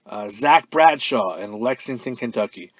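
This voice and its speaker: A man hosting a fan-mail podcast, chatting casually with plenty of ums and uhs. His voice sits in a middle register, recorded close and dry with no room sound. Now and then he gets loud and swears with excitement. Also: mid-range voice, moderate pace, dry recording. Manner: relaxed and offhand, lots of ums and uhs, bursts into loud profane excitement.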